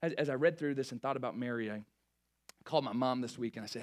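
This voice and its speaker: A young man preaching a sermon, lively and joking with the crowd, often stumbling over and restarting his words. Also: medium pitch, fast talker. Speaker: pastor.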